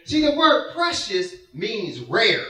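Male preacher, high and bright, conversational and emphatic delivery, echoey hall, distant mic. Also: wildly swooping pitch, slow pace. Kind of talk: sermon.

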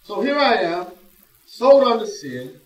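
A man preaching a sermon in a church, swinging between hushed, drawn-out phrases and loud emphatic bursts. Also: sits high, sing-song, lo-fi sound. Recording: echoey room, voice from a distance.

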